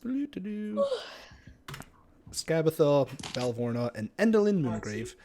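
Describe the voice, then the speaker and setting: A man's voice: on the high side, very animated, moderate pace, a little hiss or hum. A man running a tabletop game on a live stream, rambling casually and swearing freely. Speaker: game master.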